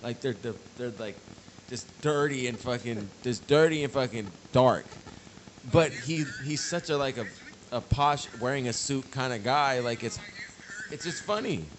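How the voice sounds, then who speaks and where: A man's voice: mid-range voice, unhurried, a little hiss or hum, low-quality recording. A man on a casual podcast, making his points emphatically and swearing freely. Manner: emphatic, profane storytelling. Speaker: podcast co-host. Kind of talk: casual chat.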